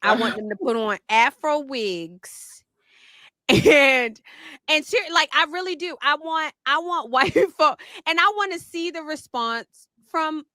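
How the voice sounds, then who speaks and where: A woman talking in a loose panel chat, laughing easily and restarting her sentences. Her voice sits fairly high and sounds bright and clear. The recording is close and dry. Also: unhurried, no echo. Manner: animated, laughing, many restarts. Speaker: commentator.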